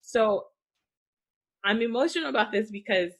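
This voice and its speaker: A woman's voice: a little high, expressive, normal speed, fairly bright tone, slightly rough. A woman hosting a conversational interview, speaking in a heartfelt way with lots of filler "likes". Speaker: podcast host.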